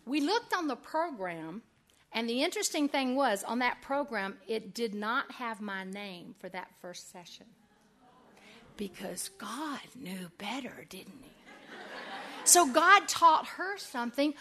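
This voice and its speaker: A woman speaking to an audience, giving a humorous faith testimony as an animated storyteller who laughs often. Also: on the high side, unhurried. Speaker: women's ministry speaker.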